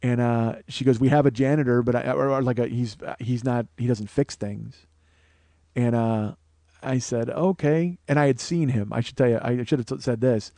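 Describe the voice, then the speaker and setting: A man spins a profane comic story on his podcast, laughing at his own jokes as he goes. His voice sits at an ordinary middle pitch. The sound is close and dry, right on a studio microphone. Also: fairly even intonation, normal speed, mellow, no echo. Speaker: podcast host. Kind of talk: comedic storytelling monologue. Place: small studio, co-host close by.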